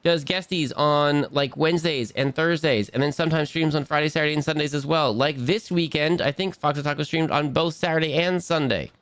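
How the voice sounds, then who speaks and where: A man's voice: a little high, a little fast, hardly any pauses, fairly bright tone, no echo. A man streaming a game live, chatting casually and bubbly, rambling and restarting his sentences.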